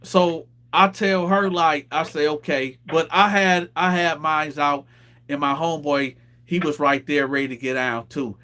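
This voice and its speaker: A man hosting a casual talk show, telling a street story with lively acted-out quotes. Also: on the high side, unhurried. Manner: animated storyteller, acts out quoted voices. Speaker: host.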